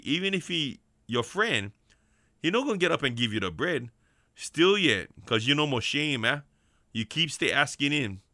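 A man's voice: medium pitch, bright, forceful tone, dry recording, studio quality. A man with a Hawaiian Pidgin accent hosting a prison ministry program, preaching in an emphatic, repetitive, folksy way.

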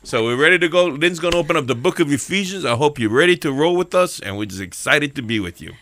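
A man's voice: a little high, lively intonation, quick pace, sharp tone, a little hiss or hum. A man with a Hawaiian accent giving a casual, joking sermon as host, chatty and playful. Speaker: church devotional host.

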